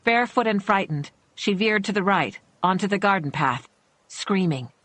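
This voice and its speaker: A woman narrating a suspense thriller audiobook in a measured, tense storytelling manner. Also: mid-range voice, lively intonation, fairly bright tone, no echo.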